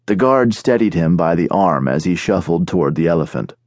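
A man narrating an audiobook in a steady, measured storytelling manner, recorded on a studio microphone. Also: deep voice, dry recording. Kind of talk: scripted narration.

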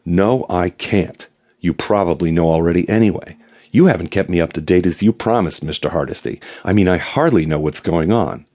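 A male audiobook narrator voicing an excitable, gossipy man with a twittering, breathless way of talking that swings from coy to sharp. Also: low-pitched, moderate pace. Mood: cold, petulant. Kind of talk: audiobook character voice.

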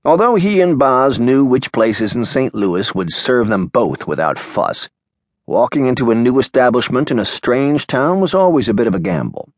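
A man narrating an audiobook in a measured, expressive way. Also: medium pitch, dry recording, studio quality. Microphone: studio microphone.

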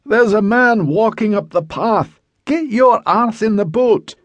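A man doing a surly Highland sailor. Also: expressive, a little slow, dry recording, muffled recording. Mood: urgent. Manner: gruff, urgent.

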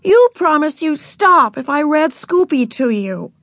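A woman's voice: high voice, lively intonation, fairly quick, dry recording, studio quality, voice pushed up. A woman voicing a prim, patient older sister, about nine, who sounds worn out and cross with her little sister. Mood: exasperated. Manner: exasperated, prim.

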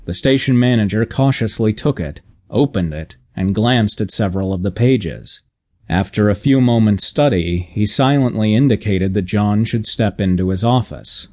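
A man narrating a humorous audiobook in a measured, deadpan reading. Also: fairly low pitch.

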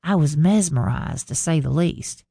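Gravelly woman narrating a romance audiobook. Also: low-pitched, expressive, unhurried, dark tone, no echo, clean studio sound. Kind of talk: scripted first-person narration.

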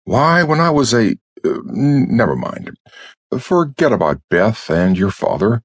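A man voicing a nervous, muddled male FBI chief who turns fretful and sharp, in a storybook reading. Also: medium pitch, big pitch swings, measured pace, breathy edge, dry recording, voice pushed up, heavily acted. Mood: stern.

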